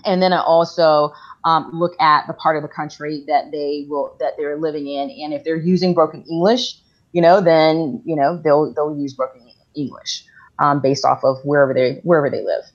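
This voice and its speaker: A woman author being interviewed, talking haltingly with many fillers and restarts. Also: deep voice, steady tone. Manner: halting, full of "you know" and "um" fillers. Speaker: guest author. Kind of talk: casual interview talk. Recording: dull lo-fi sound.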